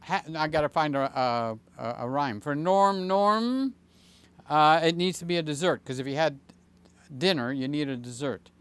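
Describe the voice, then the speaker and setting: Rambling older man, smooth clear voice. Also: a little high, moderate pace. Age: 60s. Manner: rambling, jokey, with many fillers and sudden excited jumps. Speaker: channel host. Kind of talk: casual livestream chat.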